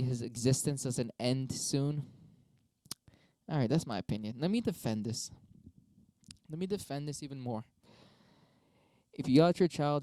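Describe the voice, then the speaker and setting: A young man rants his way through debate prompts on his own stream, swearing freely and arguing both sides. His voice is dark and smooth, and it sits dry and close to the mic. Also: mid-range voice, no room sound. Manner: profane, rambling, argues both sides with himself. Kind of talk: casual solo monologue.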